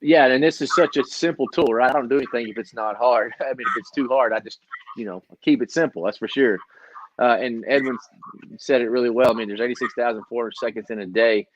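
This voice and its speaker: A middle-aged man giving a casual motivational talk as a trainer, energetic and laughing often, with many restarts. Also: mid-range voice, dull audio, a little hiss or hum. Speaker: trainer co-hosting a live training session.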